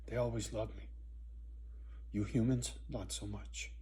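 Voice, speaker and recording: A man's voice: on the low side, little pitch movement, a little slow, mellow, slight background noise. A man vlogger telling a painful personal story to camera, in a blunt, profane and intense way.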